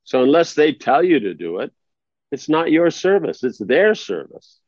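A spiritual teacher gives an informal, conversational discourse, often checking that his listeners are following. His fairly high voice swings widely in pitch at a normal speed, with a darkish tone. The lo-fi recording is dry, slightly dull, and free of echo.

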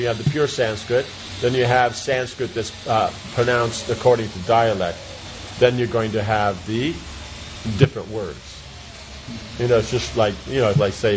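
A man teaching a class in an informal discussion, explaining with everyday examples and checking that students follow. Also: on the low side. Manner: explains with everyday examples, often asks if it makes sense. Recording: dull lo-fi sound with light noise.

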